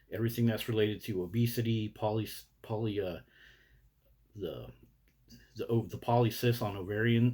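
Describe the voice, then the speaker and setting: A man ranting into the camera, blunt and indignant, with plenty of swearing. His voice is low and dark with a husky edge. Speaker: vlogger. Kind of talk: profane rant to camera.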